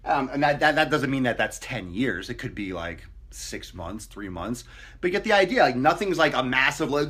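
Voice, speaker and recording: A man with a medium-pitched, somewhat bright, breathy voice and big swings in pitch, speaking at a moderate pace. He's a fitness coach chatting casually to camera with blunt, profane motivation, using put-on voices to mock people.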